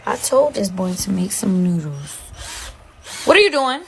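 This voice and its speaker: Casting: exasperated woman, slow and gravelly, faint background hum. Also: mid-range voice, very animated. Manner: disbelieving, drawn-out exclamations. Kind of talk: exasperated commentary to camera.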